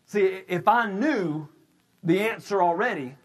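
A male pastor with a high voice, speaking a little slowly, delivers a sermon. He shouts his emphatic points, then eases into casual storytelling, retelling things loosely and conversationally with frequent restarts.

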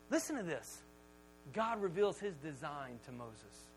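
Lively male pastor, high voice, storytelling sermon. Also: measured pace, husky, poor audio. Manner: animated storytelling, jokey.

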